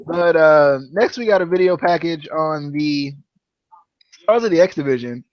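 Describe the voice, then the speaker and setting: A man's voice: fairly high pitch, unhurried, no echo, highs cut off. A man co-hosting a podcast, casually recapping a wrestling show, often laughing and acting out quotes. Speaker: podcast co-host.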